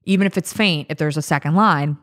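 A woman's voice: low voice, brisk. A woman in her thirties casually telling a personal story on a chat podcast, full of fillers and acted-out quotes. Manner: chatty, many fillers, acts out quotes. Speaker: podcast co-host.

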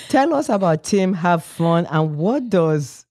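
Woman host, interviewer; measured slow delivery, mellow tone, dry sound. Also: lowish voice, big pitch swings, dry recording. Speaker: podcast host. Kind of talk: interview hosting.

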